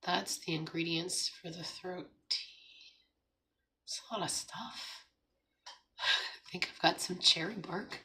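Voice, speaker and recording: A woman with a hoarse, raspy voice from laryngitis, hosting a casual morning livestream, chatting, laughing often and greeting viewers. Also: on the low side, steady tone, slow, pauses often, pushed and bright. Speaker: livestream host. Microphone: streaming setup.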